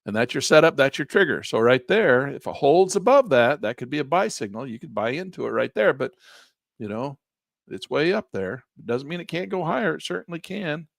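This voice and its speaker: Lively trading instructor losing his voice. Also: on the high side, fairly quick, creaky, dry recording, studio quality. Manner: lively, folksy, exclaims at good numbers. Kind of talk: live trading lesson walking through charts.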